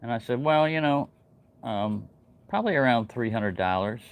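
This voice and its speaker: A man's voice: medium pitch, expressive, moderate pace, clear, resonant tone. A man hosting a casual livestream, telling a long story in a rambling way, with many fillers and restarts. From New Mexico. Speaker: channel host. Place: home in Texas.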